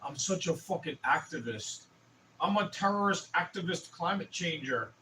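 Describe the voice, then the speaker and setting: A man's voice: on the high side, animated, normal speed, pushed and bright, slight background noise. Ranting young man, distant mic. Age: 20s. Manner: profane, heated ranting. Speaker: streamer. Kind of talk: casual livestream rant.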